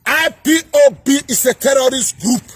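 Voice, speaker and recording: A man with a Nigerian accent delivering a heated political rant to camera, repeating himself and often shouting. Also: extremely high pitch, moderate pace, husky, no echo. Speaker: political commentator.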